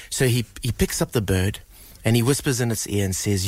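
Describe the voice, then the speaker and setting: A middle-aged man, a musician guest, tells a story with earnest, animated energy, often restarting his sentences with fillers. His voice sits at an ordinary pitch for a man. He is recorded close on a studio mic with a dry sound. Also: normal speed, no room sound. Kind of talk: live radio storytelling.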